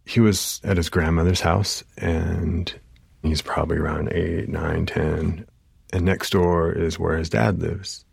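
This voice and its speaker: A man, a therapist, telling an emotional story from a session, halting with many fillers and restarts. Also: deep voice, steady tone, creaky, slightly rough, dry recording, studio quality. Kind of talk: personal storytelling.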